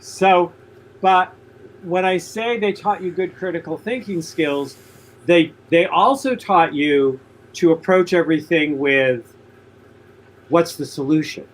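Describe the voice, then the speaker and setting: Earnest slightly high-voiced male host. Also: takes it slowly, rough recording. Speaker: talk show host. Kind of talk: radio interview chat.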